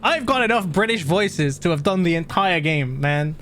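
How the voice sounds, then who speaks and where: Mężczyzna, streamer gier, swobodnie komentujący rozgrywkę, często się śmieje, klnie i zwraca się do widzów oraz do postaci. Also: male voice, a little high, animated, moderate pace, fairly bright tone, soft background music. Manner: giggly, swears a lot, talks to chat and the characters. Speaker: gaming streamer. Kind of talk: casual gameplay commentary.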